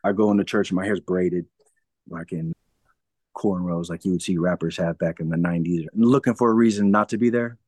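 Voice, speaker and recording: A man's voice: low voice, fairly even intonation, brisk, darkish tone, no echo. A man speaking as an interview guest and telling his personal story frankly. He often acts out past conversations and laughs through hard memories.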